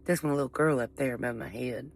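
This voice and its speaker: Her voice is very deep and gravelly, and she talks fast, with a little hiss or hum on the recording. She's a vlogger from Appalachian coal country, US, with a Southern Appalachian accent, chatting to the camera in a rambling, folksy manner and frequently interrupting herself.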